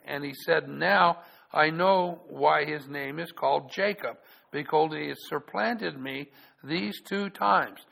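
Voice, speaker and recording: Gravelly-voiced man preaching. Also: a little high, a bit bright, low-quality recording. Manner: halting, repeats words, reads scripture aloud in a raised voice. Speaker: pastor. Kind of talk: sermon with scripture reading.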